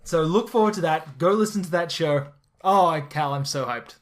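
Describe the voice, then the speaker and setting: An eager podcast host who talks in a rush of enthusiasm. They stumble over the starts of sentences, repeat words, and keep piling on sidebars, all at a mid-range pitch for their voice type. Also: moderate pace, a little hiss or hum. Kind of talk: casual podcast chat.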